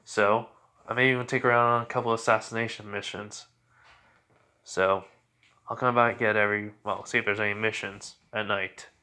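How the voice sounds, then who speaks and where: A man voicing a calm young male assassin in a fan story, speaking low-key and quietly. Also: moderate pace.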